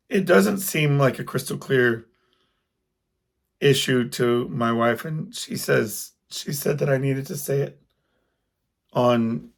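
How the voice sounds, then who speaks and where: A man talks through his own podcast in a loose, rambling monologue, drifting from one story to the next. His voice has a rough, gravelly edge with a husky grain to it. He sounds like a working musician chatting off the cuff. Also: medium pitch. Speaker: podcast host and gigging singer-guitarist. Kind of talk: casual solo podcast monologue.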